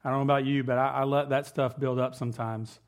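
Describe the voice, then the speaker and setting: A man's voice: medium pitch, little pitch movement, quick pace. A man in his thirties preaching with mock-serious sarcasm, talking conversationally with many fillers. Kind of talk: sarcastic sermon.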